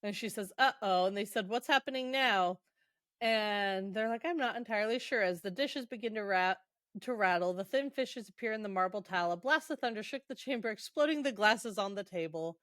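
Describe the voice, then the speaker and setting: A woman's voice: mid-range voice, a little fast, a bit bright, no echo, studio quality. Irreverent woman podcast host recapping. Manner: chatty, irreverent, swears and laughs while retelling. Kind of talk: casual book recap.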